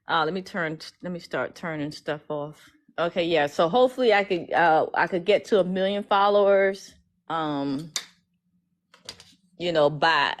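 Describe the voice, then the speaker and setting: A woman speaking, casually chatting to her followers on a livestream, emotional and full of restarts. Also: fairly low pitch. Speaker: legal educator streaming live.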